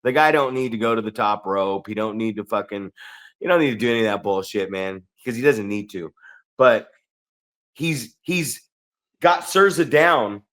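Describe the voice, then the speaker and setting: A man co-hosting a wrestling podcast, telling excited stories in a casual, profane way and acting out what others said. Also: fairly low pitch, moderate pace. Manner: animated, swearing storyteller who acts out quotes. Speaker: podcast co-host.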